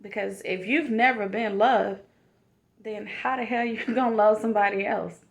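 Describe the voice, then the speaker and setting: A woman's voice: mid-range voice, fairly even intonation, moderate pace, vocal fry, dull audio. A woman, giving a heartfelt motivational self-love talk and calling the listener "honey.". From South Carolina, USA. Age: 40s. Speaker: vlogger.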